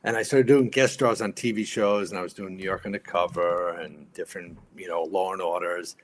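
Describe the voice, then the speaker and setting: Speaking a little fast in a low voice, this man in his fifties, once a firefighter and now an actor, guests on a podcast and spins casual stories. He animatedly performs other people's lines as he goes, over slight background noise.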